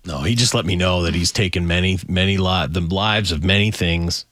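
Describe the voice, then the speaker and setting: A man's voice: low voice, moderate pace, no echo, clean studio sound. A man co-hosting a casual radio show, telling stories and acting out the voices of people in them. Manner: animated storyteller, acts out quoted voices.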